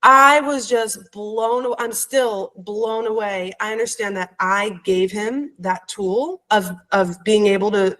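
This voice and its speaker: A woman in her thirties, a podcast guest, telling a heartfelt personal story and growing animated as she retells it. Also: mid-range voice, low-quality recording.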